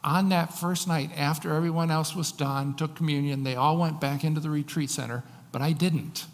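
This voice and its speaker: A male pastor preaching a sermon, slowing down to read scripture with emphasis. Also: fairly high pitch, steady tone, in a large hall.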